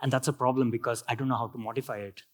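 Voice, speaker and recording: A man's voice: medium pitch, steady tone, rapid-fire. A man with an Indian accent giving a technical conference talk, explaining step by step with frequent fillers and restarts. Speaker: conference speaker.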